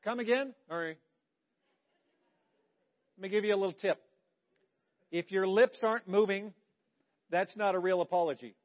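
A man preaching a sermon as pastor, stressing key words loudly and then dropping to hushed, intimate lines. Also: high-pitched, steady tone, fairly quick, long pauses, muffled recording.

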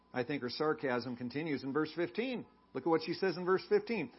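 A man's voice: a little high, lively intonation, fairly quick, hardly any pauses, husky, muffled recording. A male pastor giving a sermon in a conversational way, often asking the congregation questions.

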